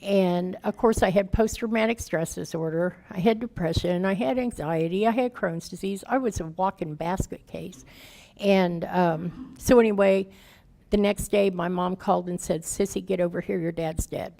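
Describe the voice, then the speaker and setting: With a creaky, dark-toned, mid-range voice at normal speed, a woman in her fifties gives her recovery testimony as a guest speaker. Her words are candid, folksy and plain, and the telling is emotional and raw.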